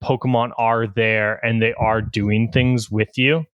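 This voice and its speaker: Clear-voiced man narrating a tabletop game. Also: mid-range voice, flat delivery, unhurried, no echo, lo-fi sound. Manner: casual, filler-heavy narration. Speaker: game master.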